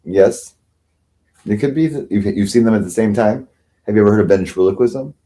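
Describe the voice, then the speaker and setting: A man's voice: fairly low pitch, brisk, dark tone. A man hosting a livestream, ranting sarcastically and with self-pity, often mocking others. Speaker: livestream host. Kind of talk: rambling livestream rant.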